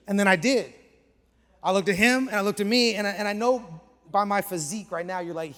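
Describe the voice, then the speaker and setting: High-voiced pastor in an echoey hall. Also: male voice, quick pace. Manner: animated, chatty storytelling with slang. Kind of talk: sermon with humorous storytelling. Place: church auditorium. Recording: echoey large church hall.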